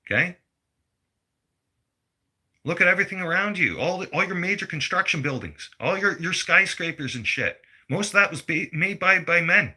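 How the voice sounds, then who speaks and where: A man's voice: sits high, lively intonation, moderate pace, pushed and bright, husky. A man, delivering a blunt, heated political rant full of swearing. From Canada. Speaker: vlogger.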